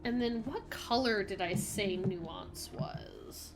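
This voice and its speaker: A woman's voice: mid-range voice, takes it slowly, over music. A young woman streaming a video game, chatting casually and rambling with lots of filler words and giggles. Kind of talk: casual chat while playing a video game.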